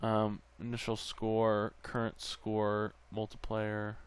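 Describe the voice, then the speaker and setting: A man talking his way through a game at a slow, unhurried pace. His voice is smooth and clear as he mutters to himself, then breaks into goofy made-up babble. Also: on the low side, monotone. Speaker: gameplay channel host. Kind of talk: casual gameplay commentary.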